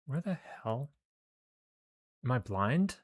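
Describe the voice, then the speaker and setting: A man's voice: medium pitch, sing-song, slow pace, slightly rough. A man streaming a space game, chatting casually, joking and swearing to himself, and reading story text aloud. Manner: joking, profane, talks to himself.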